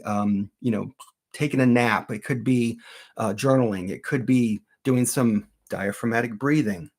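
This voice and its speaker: A middle-aged man, a grief coach, answering viewer questions on a live stream in a gentle, earnest way with many fillers and restarts. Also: medium pitch.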